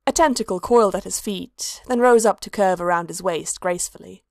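A woman narrating a story in a steady, even reading voice. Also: mid-range voice, brisk, creaky, few pauses, no echo, studio quality.

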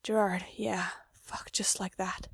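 A woman's voice: medium pitch, little pitch movement, normal speed, creaky, husky, dry recording, clean studio sound. A woman voicing a breathless, pleading young man in a whispered role-play, barely above a breath. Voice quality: soft unvoiced whisper.

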